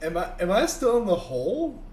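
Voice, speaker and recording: A man playing in a tabletop game, animated and hesitant. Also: high-pitched, fairly quick, reverberant. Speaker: player. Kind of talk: casual tabletop play.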